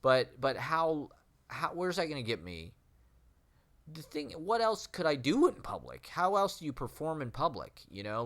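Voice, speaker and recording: This man is a vlogger and aspiring street poet delivering a rambling, self-questioning casual monologue. His medium-pitched, slightly bright voice is nasal, and he uses many fillers and laughs frequently.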